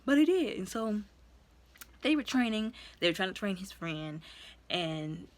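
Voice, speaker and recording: A woman casually recapping a movie in a chatty, animated way. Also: mid-range voice, unhurried. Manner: chatty, animated, colloquial, acts out quotes. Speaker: movie reviewer.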